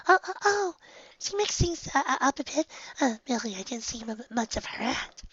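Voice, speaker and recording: A woman's voice: sits high, very animated, normal speed, fairly bright tone, slightly rough, dry recording, pitched above the performer's own voice, heavily acted. A woman voicing a timid, shy young female pegasus who stammers and hesitates, recorded on a dull lo-fi home setup. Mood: flustered.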